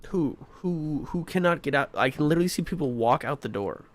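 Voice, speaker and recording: A man's voice: on the high side, animated, fairly quick, soft background music. A man giving casual gameplay commentary, exasperated and swearing, asking the same questions again and again. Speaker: gaming streamer.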